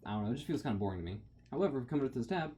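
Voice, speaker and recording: A man's voice: medium pitch, big pitch swings, racing, mellow, a little hiss or hum. A man giving rambling, self-deprecating commentary while playing a video game. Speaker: gamer. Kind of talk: let's play commentary. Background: faint game music.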